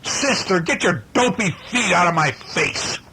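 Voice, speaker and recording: A man doing a grumpy boy bear cub, hoarse. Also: very high-pitched, sing-song, a little slow, pitched above the performer's own voice, heavily acted, rough recording. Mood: cranky. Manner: shouting complaints in a raised childish voice.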